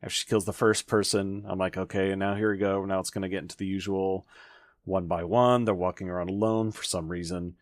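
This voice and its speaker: Deep-voiced man reviewing movies. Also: steady tone, brisk, no room sound, studio quality. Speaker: podcast co-host. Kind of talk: casual movie review chat.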